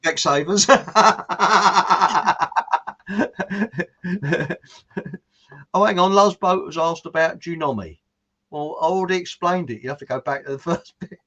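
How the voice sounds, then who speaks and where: A man's voice: high voice, slow pace, long pauses, bright, forceful tone, slightly rough. A man hosting a casual chat, reading out viewer comments in a rambling way and chuckling at his own jokes. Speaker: show host. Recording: muffled lo-fi audio.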